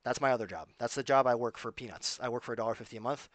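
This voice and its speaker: A man's voice: medium pitch, very fast, no echo. A man talking to his viewers in a casual, rambling monologue, emphatic and full of asides. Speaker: vlogger.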